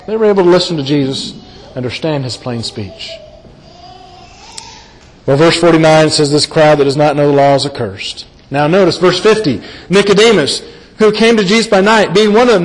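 A man preaching a sermon and working verse by verse through scripture. He speaks earnestly and drops to a quiet voice when he wants to stress a point. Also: on the high side, expressive, normal speed. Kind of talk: sermon, Bible exposition. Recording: long hall reverb.

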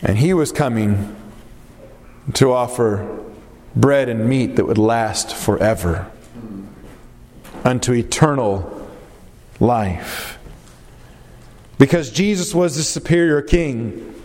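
A man's voice: medium pitch, animated, slow pace, pauses often, darkish tone, slight background noise. A male preacher delivering a sermon, stretching out phrases for emphasis and asking his listeners rhetorical questions. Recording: long reverb of a hall.

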